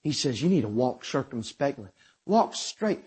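A male preacher with a South Georgia accent delivering a sermon, swinging from shouted exhortation to low asides. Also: big pitch swings, normal speed, slightly rough. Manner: emphatic, rising to shouts then dropping low.

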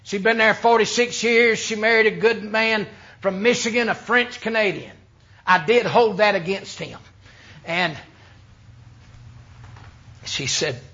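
A man from the United States, preaching an emphatic sermon that swings between loud and hushed. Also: high voice, measured pace, pauses often. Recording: dull lo-fi sermon recording.

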